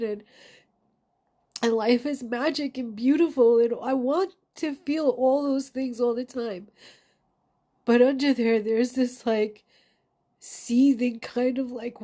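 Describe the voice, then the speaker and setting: A woman's voice: a little high, warm tone. Angry, raw-voiced woman venting. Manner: raw, emotional, swearing. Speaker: vlogger. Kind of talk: confessional monologue.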